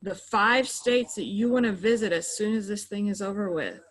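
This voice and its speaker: A woman's voice: mid-range voice, normal speed, rough recording. A middle-aged woman who works in mental health, patiently explaining coping tips in a conversational interview, with frequent "you know" fillers.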